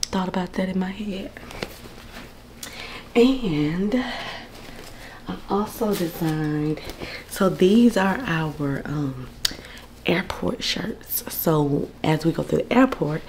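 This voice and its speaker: A woman in her thirties talking to camera in a casual vlog, earnest when she reflects and excited, half whispering, when she shows things. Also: fairly low pitch, takes it slowly, pauses often, a little hiss or hum, poor audio. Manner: earnest, faith-filled reflection; excited, partly whispering show-and-tell. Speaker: vlogger.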